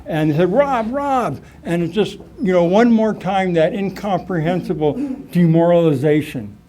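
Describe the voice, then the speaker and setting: A middle-aged man giving a rambling, animated personal testimony at a recovery meeting, full of fillers and asides. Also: sits high, moderate pace. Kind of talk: personal testimony, casual storytelling.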